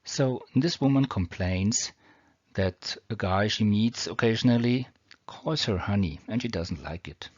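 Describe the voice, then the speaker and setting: A man with a German accent who teaches English grammar, explaining rules slowly and reading example sentences with care. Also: on the low side, breathy edge, no echo. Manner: slow, deliberate, reads example sentences carefully. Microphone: built-in or cheap mic. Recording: dull, dry home recording.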